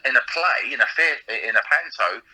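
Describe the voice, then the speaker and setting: A man talks casually in an interview, laughing often and tripping over his words as he goes. His voice is strikingly bright and sharp. It comes through a slightly tinny line. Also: mid-range voice, lively intonation, normal speed, slightly rough. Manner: chatty, laughing, many restarts. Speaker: panto comic and radio presenter, guest.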